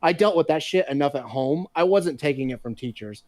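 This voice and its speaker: A man chatting casually on a podcast, telling animated, profanity-laced stories. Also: fairly high pitch, a little fast, no echo. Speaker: podcast co-host. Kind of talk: casual chat.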